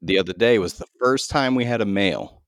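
Chill podcast host guy, very deep voice, cusses a lot, dry close sound. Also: brisk, no room sound. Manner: laid-back, swears freely, laughs often. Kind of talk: casual podcast chat.

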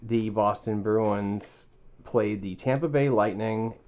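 Halting low-voiced New podcast host. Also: male voice, a little mellow. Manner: halting, repeats words, many fillers. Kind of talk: casual chat. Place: small home podcast studio.

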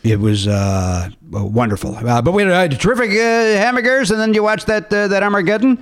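A man's voice: sits high, expressive, brisk. A middle-aged man in casual conversation, rambling through stories with many fillers and restarts. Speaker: podcast co-host. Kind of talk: casual chat.

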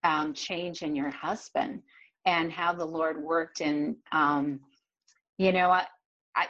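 A woman hosting an interview, speaking in an unhurried, appreciative way as she thanks her guest. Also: sits low, steady tone, a bit bright, dull audio. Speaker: host.

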